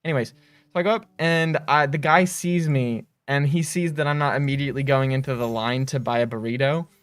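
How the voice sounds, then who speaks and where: A man hosting a game studio's livestream, telling stories in a rambling, animated way on a close mic. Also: mid-range voice, fairly quick, clean tone, no echo. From United States. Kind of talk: casual livestream chat.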